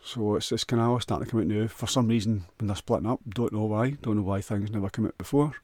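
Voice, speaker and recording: A man's voice: lowish voice, fast, darkish tone, no echo. A man with a Scottish accent rambling crudely through a jokey solo monologue, often restarting and stumbling over words.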